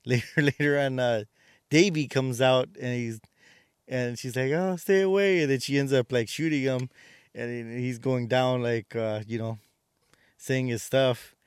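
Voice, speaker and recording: A man's voice: medium pitch, flat delivery, unhurried, clean tone, no room sound, studio quality. A man co-hosting a casual chat, retelling a movie plot in a rambling way with many fillers and restarts. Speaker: podcast co-host.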